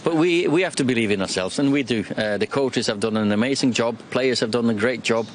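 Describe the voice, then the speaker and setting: A football manager answers a press question in a hesitant way, full of fillers. Faint traffic and street ambience sit behind him. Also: male voice, mid-range voice, a little fast. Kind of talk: press interview clip.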